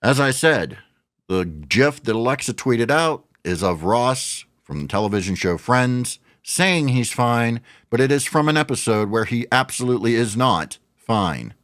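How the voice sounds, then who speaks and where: A man's voice: mid-range voice, animated, a little slow, fairly bright tone, no echo, studio quality. A middle-aged man ranting in frustration about wrestling news, swearing often as he vents. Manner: frustrated, profane venting. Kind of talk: ranting commentary.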